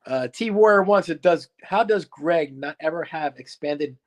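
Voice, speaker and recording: A man hosting a livestream, reading viewer comments aloud in a dry, offhand way. His voice sits a little high for a man. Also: expressive, normal speed. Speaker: host.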